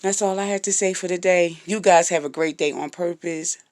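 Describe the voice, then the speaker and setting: A middle-aged woman with a gravelly morning voice, giving frank relationship advice to her viewers and sometimes tripping over her words. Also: on the low side, fairly even intonation, fairly quick, a little mellow, dry recording, clean studio sound. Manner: stumbles over words now and then; frank and direct. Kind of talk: casual advice talk to viewers.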